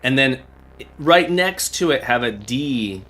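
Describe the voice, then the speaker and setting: A man's voice: medium pitch, expressive, slow pace, a bit bright, rough recording. A man hosting a livestream, playing a game and thinking aloud as he sounds out Morse code beeps. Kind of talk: casual livestream chat while playing.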